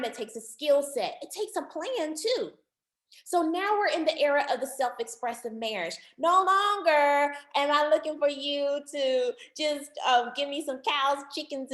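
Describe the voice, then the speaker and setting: This is a woman's high-sitting voice in a roomy-sounding recording. As a marriage counselor running an online workshop, she speaks with animation, repeats words for emphasis, and refers to her listeners as family.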